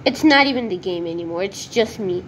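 A woman commenting on her own gameplay as she plays, talking to herself in an excitable, nervous way. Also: mid-range voice, fairly quick, slight background noise. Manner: excitable, nervous self-talk. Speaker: gaming video creator.

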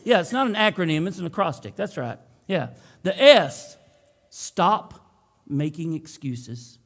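A man's voice: high-pitched, sing-song, normal speed, vocal fry, fairly bright tone. A man preaching a sermon as pastor, opening with a prayer and tossing folksy jokes to the congregation in a church sanctuary. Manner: folksy, joking asides to the congregation.

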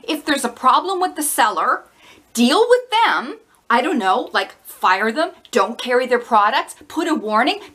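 A woman vents straight to camera in a bright, forceful voice, pitched a little high. She sounds exasperated and indignant, her sentences studded with "like" and rhetorical questions. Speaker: vlogger.

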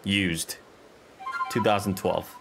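A male streamer commenting casually on a game, excitable and swearing often while he talks to the game and chat. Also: low-pitched, slow pace, vocal fry, noisy background. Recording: game music playing under voice.

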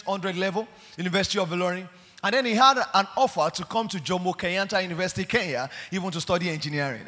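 A man preaching a sermon, animated and full of stories. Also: high-pitched. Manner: animated, storytelling with acted quotes. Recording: long hall reverb.

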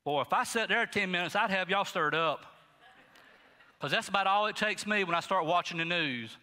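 A middle-aged male pastor preaching a sermon in a folksy, animated way, talking straight to the congregation. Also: high voice, normal speed, long reverb tail. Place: church sanctuary.

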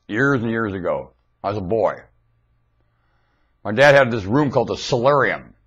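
A man with a husky voice, rambling aloud to his viewers in a webcam monologue. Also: lowish voice, fairly bright tone, rough recording. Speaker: vlogger.

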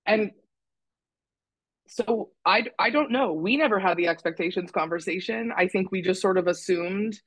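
A woman's voice: mid-range voice, normal speed, dry recording, poor audio. A woman guesting on a podcast, talking candidly and critically about herself, with some swearing for emphasis. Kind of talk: candid conversational chat.

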